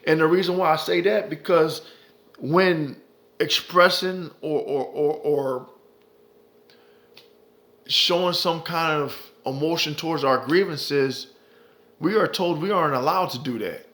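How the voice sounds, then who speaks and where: Male commentary vlogger: heated, profane delivery, slightly raised pitch, hammers points through repetition. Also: measured pace, long pauses, a bit bright. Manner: profane, heated, repeats himself for emphasis. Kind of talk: impassioned ranting commentary.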